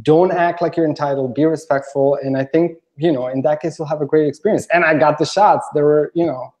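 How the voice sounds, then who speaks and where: A man's voice: on the high side, steady tone, fairly quick, darkish tone. A man chatting casually on a podcast, telling an anecdote with lots of "you know" fillers and acted-out quotes. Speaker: podcast guest. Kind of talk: casual storytelling chat.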